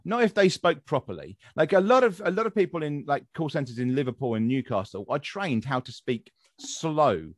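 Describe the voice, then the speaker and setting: A young Englishman hosting a podcast, ranting with plenty of swearing. His voice sits a little high for a man and leaps up and down with real animation. The sound is close and dry, with no room around it. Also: expressive, normal speed, hardly any pauses, dry recording. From England. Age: young adult. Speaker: podcast host. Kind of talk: casual podcast chat.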